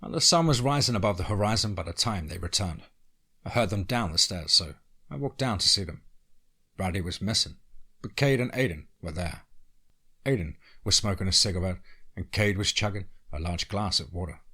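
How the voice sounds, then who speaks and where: A man narrating a scripted horror story in a measured, tense storytelling manner. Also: sits low, animated, sharp tone, slightly rough.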